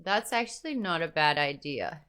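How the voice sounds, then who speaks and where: A woman's voice: deep voice, very animated, moderate pace, sharp tone, clear, resonant tone. A tired Australian woman hosting a book club live stream, chatting playfully and thanking viewers by name. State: tired, sleepy. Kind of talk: casual live stream chat.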